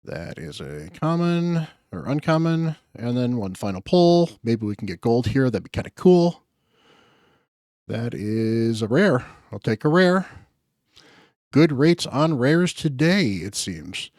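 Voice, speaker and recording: A man's voice: medium pitch, very animated, slow, a little mellow, no echo, clean studio sound. A man hosting his gaming channel, chatting casually through his summon pulls in an upbeat way with frequent fillers. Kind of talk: casual gacha summon commentary.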